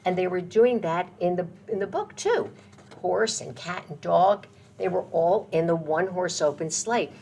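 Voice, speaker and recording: A woman's voice: fairly low pitch, expressive, moderate pace, gravelly. Sing-song woman reading to children. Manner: gentle, sing-song, with sound effects. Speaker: children's librarian. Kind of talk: children's storytime read-aloud.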